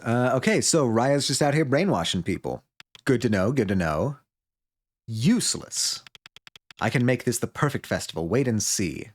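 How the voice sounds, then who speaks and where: A man's voice: mid-range voice, sing-song, normal speed. Chatty joking male game streamer. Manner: joking, chatty, reads chat aloud and laughs. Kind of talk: live game stream commentary.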